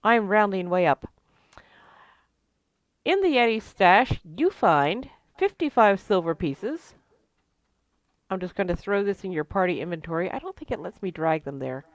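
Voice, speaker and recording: A woman narrating a tabletop game as game master, in a lively, joking manner with frequent fillers. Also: medium pitch, moderate pace, pauses often, no echo.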